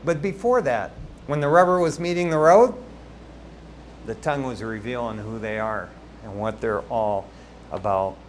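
A man preaching a sermon as pastor, telling stories in a lively, conversational way with asides to the congregation. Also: mid-range voice, normal speed, slight background noise.

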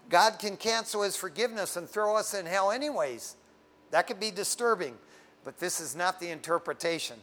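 A middle-aged man preaching a sermon, conversational and emphatic, swinging from fervent prayer to hushed tones. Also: sits high. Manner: conversational, says "man" often. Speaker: pastor.

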